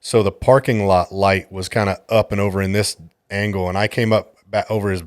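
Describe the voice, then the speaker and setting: A man's voice: lowish voice, steady tone, brisk, dry recording, studio quality. A man hosting a podcast, a jiu-jitsu coach telling a story in a casual, exasperated and profane way.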